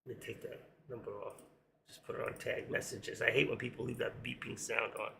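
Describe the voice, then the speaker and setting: Man, hoarse, livestream trading host, rambling casual talk, faint hiss behind. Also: mid-range voice, flat delivery, brisk, sharp tone. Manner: rambling, talks to himself while working charts. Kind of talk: casual live stream commentary.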